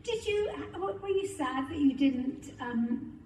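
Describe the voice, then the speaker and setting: A woman's voice: high-pitched, expressive, slow, a little mellow, recorded from a distance. A woman from England interviewing an actress, asking friendly questions and chatting along. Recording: roomy, off-mic, faint background hiss.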